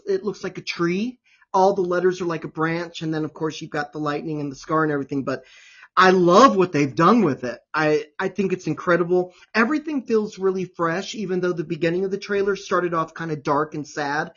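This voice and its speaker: A man's voice: high-pitched, fairly quick, a bit bright, muffled recording. A man hosting a casual chat show, talking with gushing enthusiasm. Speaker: host.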